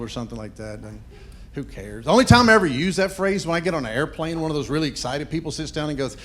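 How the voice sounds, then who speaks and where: A man's voice: mid-range voice, fast talker, a bit bright, a little hiss or hum. A middle-aged man doing stand-up comedy, chatting playfully and quizzing the audience. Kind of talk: stand-up comedy with crowd work.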